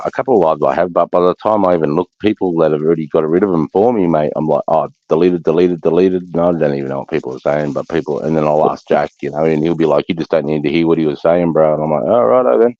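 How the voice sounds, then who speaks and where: A man's voice: a bass voice, mellow, dry recording. An Australian man speaking in a blunt, sweary, matey way in casual chat, with a dull lo-fi sound. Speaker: veteran guest.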